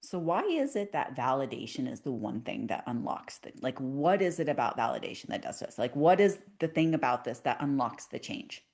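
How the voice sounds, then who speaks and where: A woman's voice: rumbling low, big pitch swings, a little fast, hardly any pauses, a little mellow. A woman hosting a podcast conversation, speaking emphatically and passionately and affirming her guest.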